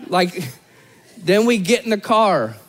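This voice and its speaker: High-voiced pastor preaching with a joking story. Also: male voice, sing-song, slow. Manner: conversational storytelling with self-deprecating humor. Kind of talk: sermon.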